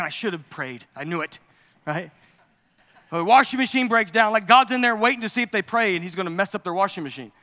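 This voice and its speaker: High, bright-voiced preacher man in a big hall. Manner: animated, jokey preaching with asides and acted-out quotes. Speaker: pastor. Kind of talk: sermon. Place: large church sanctuary. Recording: long hall reverb.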